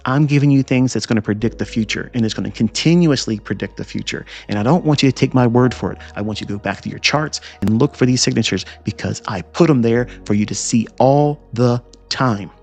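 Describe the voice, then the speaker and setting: A man's voice: medium pitch, a little fast, few pauses, darkish tone, soft background music. A man teaching chart trading in a lecture, emphatic and repetitive, firing rhetorical questions and scolding asides. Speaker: trading educator.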